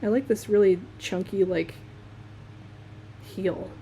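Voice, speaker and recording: Young Midwestern woman, mellow voice, relaxed live-stream chat while sketching, faint room hum. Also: medium pitch, takes it slowly. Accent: Midwestern American. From Michigan, USA. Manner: chatty, laughs often, talks while working.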